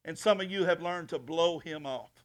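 A man preaching a sermon as pastor in a church, emphatic, swinging from soft talk to shouting. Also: fairly high pitch, moderate pace.

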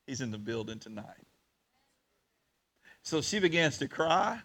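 A man preaching an emotional sermon, rising loud and dropping to near hush. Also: mid-range voice, very animated, measured pace. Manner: emotional, swings between loud and hushed.

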